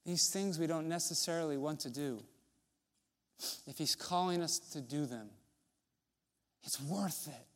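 High-voiced pastor preaching in a reverberant hall. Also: male voice, measured pace, pauses often. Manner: conversational preaching, rhetorical questions, drops to soft low tones. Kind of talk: sermon.

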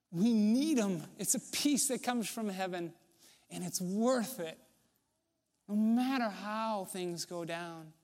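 A man preaching a sermon as pastor, conversational with rhetorical questions, often dropping to a soft, low voice. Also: big-room sound.

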